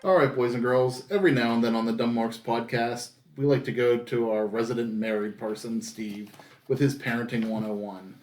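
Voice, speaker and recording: A man's voice: mid-range voice, steady tone, moderate pace, music in the background. A man hosting a casual podcast. He introduces segments with upbeat energy and backs up his co-host with short replies. His voice echoes off the room.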